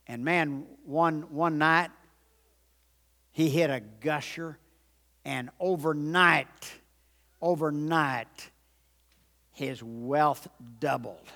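A man pastor delivers a sermon in a fairly high, bright voice. He talks slowly and with emphasis, repeating lines and calling on the congregation to answer. A long reverb from a large auditorium hangs behind every phrase. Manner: emphatic, repetitive, call-and-response with the congregation.

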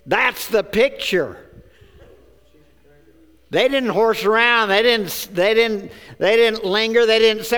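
High, bright-voiced preacher in a reverberant church. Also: male voice, takes it slowly, pauses often, clean tone. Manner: preaching with call-and-response and joking asides. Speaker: pastor. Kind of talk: sermon. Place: church sanctuary. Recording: long church hall reverb.

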